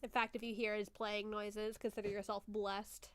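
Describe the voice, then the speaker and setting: A woman's voice: medium pitch, level tone, normal speed, slight background noise. A woman streamer chatting casually through a movie watchalong, laughing often and swearing offhandedly.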